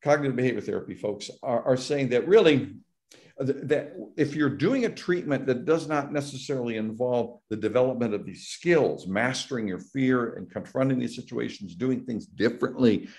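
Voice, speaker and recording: A psychology professor gives an explanatory academic talk over a video call, restarting and repeating words often while acting out patients' worried voices. His medium-pitched voice is animated, creaky and darkish, at normal speed.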